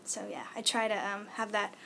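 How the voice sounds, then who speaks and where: A woman's voice: mid-range voice, flat delivery, a little fast, creaky, sharp tone, a little hiss or hum. A young woman singer answering interview questions in an easygoing, giggly way with many fillers. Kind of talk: casual interview chat.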